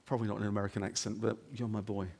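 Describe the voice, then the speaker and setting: A man preaching a sermon as the pastor of his church, talking conversationally with rhetorical questions and "okay?" asides, dropping to hushed lines and rising to loud emphatic ones. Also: level tone, rapid-fire, creaky, slightly rough. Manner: swings between hushed low moments and loud emphatic stretches. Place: church building.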